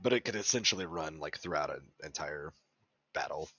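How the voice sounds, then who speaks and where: A man explaining game details quickly during a casual chat. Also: very deep voice, lively intonation, sharp tone, breathy edge. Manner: rapid, explanatory. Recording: dull dry lo-fi mic.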